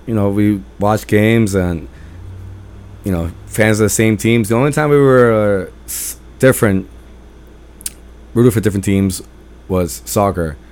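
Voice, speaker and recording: A man with a lowish voice hosts his own podcast, telling personal stories in a casual monologue. He talks loudly and with emphasis. He rambles and restarts his sentences as he goes. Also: unhurried, long pauses. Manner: loud-spoken and emphatic. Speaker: podcast host.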